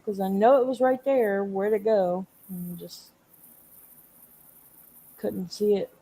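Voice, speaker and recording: A woman's voice: mid-range voice, steady tone, slow, pauses often, mellow. Rambling casual woman chatting. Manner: rambling, restarts sentences, swears casually. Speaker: host. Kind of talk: casual chat.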